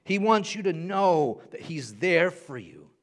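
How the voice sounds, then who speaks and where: A young man preaching in a church with a slightly raised pitch. He moves between hushed, intimate passages and loud, rising ones. He repeats key phrases to drive them home. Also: big pitch swings, a little slow. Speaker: pastor. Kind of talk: sermon.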